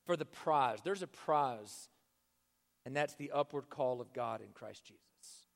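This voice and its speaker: A man's voice: medium pitch, lively intonation, unhurried, creaky. Impassioned preacher man in a reverberant hall. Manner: impassioned, swinging from loud urging to hushed near-whispers. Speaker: pastor. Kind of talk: sermon.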